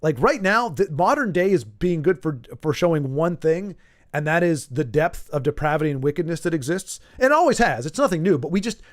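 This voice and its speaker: A man streaming a game and chatting casually, rambling in an animated way and often stumbling over his words. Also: fairly high pitch, a little fast. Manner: rambling, animated, frequent stammered restarts. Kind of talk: casual chat while gaming.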